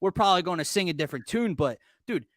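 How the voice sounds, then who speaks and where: A man hosting a casual sports talk show, excitable and rambling, often cutting himself off mid-thought. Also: high-pitched, quick pace, dry recording, studio quality. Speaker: podcast host.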